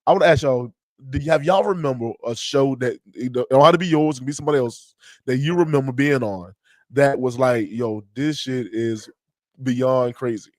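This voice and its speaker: Animated, profane man hosting a podcast. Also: mid-range voice, fast, no echo. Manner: animated, profane storytelling with loud laughs. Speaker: podcast host. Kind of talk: casual podcast chat. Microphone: remote streaming call.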